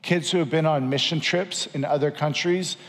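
A man's voice: a little high, steady tone, normal speed, a bit bright, in a large hall. A man preaching a sermon as pastor, earnest and exhorting, repeating lines for emphasis.

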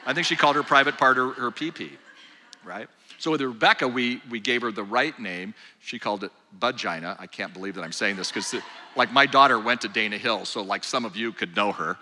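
Older male speaker, bright voice, casual joking delivery to a live room, long hall reverb. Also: medium pitch, animated, a little fast, a little hiss or hum. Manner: conversational and joking, engages the audience directly. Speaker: speaker at a mothers' group. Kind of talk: live talk to an audience. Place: large hall with live audience.

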